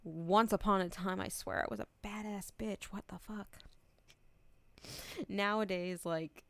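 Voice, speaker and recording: A woman's voice: medium pitch, steady tone, measured pace, vocal fry, no room sound. A young adult woman streamer chatting casually, rambling, giggling often and swearing freely. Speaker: VTuber streamer.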